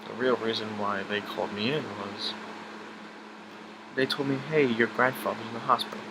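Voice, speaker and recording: A young man telling a personal story about his grandfather in a halting, emotional way, with many restarts and fillers. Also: on the low side, fairly even intonation, background noise.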